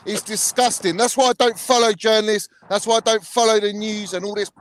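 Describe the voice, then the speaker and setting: A man's voice: sits high, steady tone, fairly quick, a bit bright. Angry sweary man ranting. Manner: angry, sweary, repeats "bruv" often. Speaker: channel host. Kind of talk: heated live chat rant.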